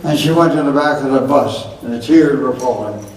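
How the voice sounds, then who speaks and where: Older comedian, booming hall echo. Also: male voice, fairly quick. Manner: relaxed, with one-liner punchlines and small hesitations. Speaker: stand-up comedian. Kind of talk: stand-up routine. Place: live venue. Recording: echoey hall, distant mic.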